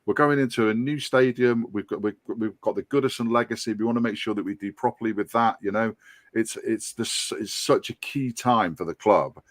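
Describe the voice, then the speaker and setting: A man's voice: lowish voice, a little fast, dry recording. A man of about fifty with a Scouse accent, talking earnestly and rambling in a casual podcast chat, full of restarts and ums. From Liverpool and North Wales. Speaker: podcast guest, fan board applicant.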